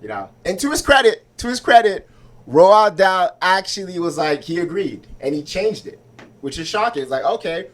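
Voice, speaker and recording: A man with a high voice does stand-up at an open mic. He talks loosely and conversationally, checking in with the crowd again and again. He is heard on a handheld mic on a small club stage. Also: big pitch swings, moderate pace, a bit bright. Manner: conversational, asks crowd for agreement. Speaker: stand-up comedian.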